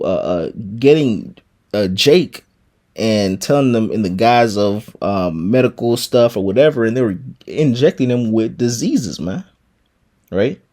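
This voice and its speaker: A man's voice: fairly low pitch, a little mellow. A man giving an informal scripture teaching, stammering and repeating words, tagging nearly every phrase with "man" or "right?". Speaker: preacher.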